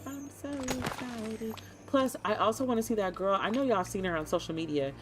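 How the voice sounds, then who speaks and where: A woman streamer chatting casually and excitedly to her viewers while she plays a cozy game, often talking to the game itself. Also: mid-range voice, fast talker, faint music behind. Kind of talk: casual gaming stream chat.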